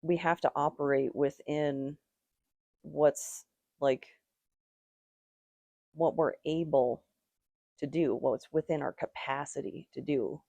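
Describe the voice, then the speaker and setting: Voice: medium pitch, steady tone, slow, gravelly, pauses often, a little mellow, dry recording. A tarot reader giving a casual, rambling reading, with strong opinions and lots of "like" fillers.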